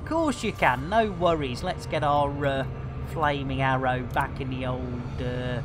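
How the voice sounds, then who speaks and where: A man's voice: medium pitch, measured pace, over music. A man streaming a space game, chatting and joking as he plays, with a rambling manner and lots of fillers. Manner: jokey, rambling banter with many fillers. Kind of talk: casual gameplay commentary.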